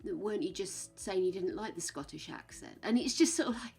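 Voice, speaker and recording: A woman's voice: medium pitch, expressive, normal speed, vocal fry, warm tone, husky, soft background music. Chatty woman streaming games. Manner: chatty and frank, swears casually. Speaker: game streamer. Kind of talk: casual chat with live stream viewers.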